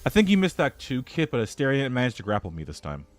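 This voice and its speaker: A man's voice: mid-range voice, wildly swooping pitch, fast talker, no room sound, soft background music. A young man streaming a video game, joking around theatrically and talking to his chat. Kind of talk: casual gameplay commentary.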